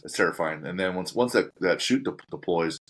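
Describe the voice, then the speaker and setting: Deep-voiced male podcast host telling stories. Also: normal speed. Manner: vivid step-by-step storytelling, acts out his own reactions. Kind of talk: casual storytelling chat.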